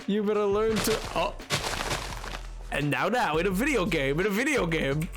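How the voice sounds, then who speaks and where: A man's voice: high voice, expressive, moderate pace, over music. A young man streaming a game, chatting casually in a rambling, self-mocking way and laughing often. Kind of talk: casual gaming stream chat.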